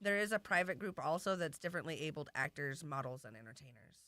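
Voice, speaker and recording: Bright-voiced woman, eager theater guest. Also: low voice, animated, quick pace, no room sound. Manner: eager, rambling, restarts sentences. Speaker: theater organizer and actor. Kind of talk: casual interview chat.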